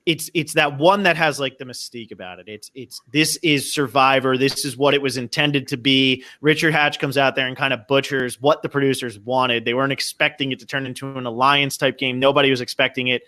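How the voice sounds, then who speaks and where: Bright, dry-sounding podcast host. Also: male voice, mid-range voice, steady tone, fairly quick, few pauses, no echo. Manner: enthusiastic, repeats words as he starts sentences. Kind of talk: casual podcast chat.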